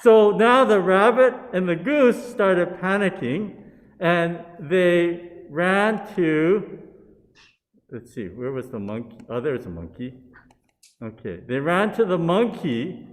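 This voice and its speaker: A man's voice: high-pitched, animated, long reverb tail. A man leading a Buddhist service, telling a story and handing out parts to participants on a video call. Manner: unhurried, coaxing storyteller who hands out parts.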